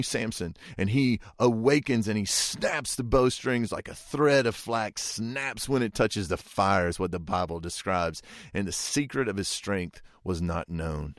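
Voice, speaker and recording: A male preacher with a low voice retells a scripture story in a vivid, conversational way. The sound is dry and close, with no room echo. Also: a little slow. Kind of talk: sermon storytelling.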